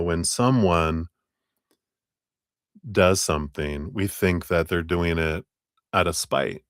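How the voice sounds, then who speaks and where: A man's voice: low voice, no echo, clean studio sound. A man giving a live tarot reading, talking in a reflective, coaching way with fillers and restarts. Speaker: tarot reader.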